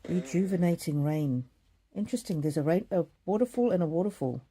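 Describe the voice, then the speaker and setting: Soft-spoken woman giving a gentle reading. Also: lowish voice, expressive, a little hiss or hum. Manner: gentle, halting, many ums and repeats. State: choked up with emotion. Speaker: psychic card reader. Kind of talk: live oracle card reading.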